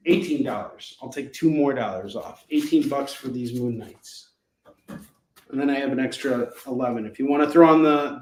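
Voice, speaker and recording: A man hosting a casual live shopping stream, pitching comic books with rambling jokes and laughing at himself. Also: reverberant. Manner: jokey, rambling, laughs at his own jokes.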